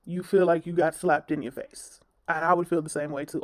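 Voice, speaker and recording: A woman's voice: on the low side, normal speed, hardly any pauses, darkish tone, no echo. A woman commentator ranting bluntly in a reaction video, scolding and swearing.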